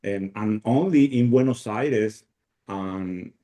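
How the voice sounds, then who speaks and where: A man's voice: on the low side, mellow. A man from Paraguay with a Paraguayan Spanish accent, Spanish his first language, chatting casually on a video call with many restarts and fillers. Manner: halting, many restarts and fillers, laughs often. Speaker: guest speaker.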